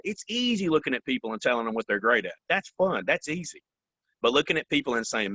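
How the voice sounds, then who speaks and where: A man's voice: mid-range voice, expressive, fast, sharp tone, no echo, highs cut off. A man in his forties, a company vice president, giving earnest interview answers, repeating phrases and often saying "man" and "you know".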